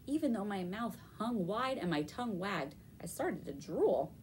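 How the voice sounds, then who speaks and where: A woman reading a children's novel aloud with expressive storytelling. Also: mid-range voice, slight background noise. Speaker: reader.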